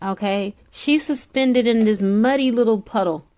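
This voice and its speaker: A woman's voice: on the high side, unhurried, darkish tone. A woman tarot reader speaking straight to the listener in a soothing spiritual pep talk, repeating her encouragements.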